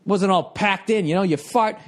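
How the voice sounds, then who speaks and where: A man with a rather high-pitched voice rambles through a comic monologue as a podcast host. He rants and swears with animated, exasperated energy. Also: normal speed. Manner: profane, animated, ranting storyteller.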